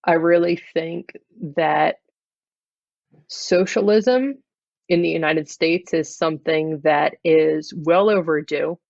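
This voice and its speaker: In a dry video call recording that is dull, lo-fi and free of room echo, an improv comedy guest remains in character during an improvised interview. The voice is gravelly and slow, with a deadpan, flat tone at mid pitch.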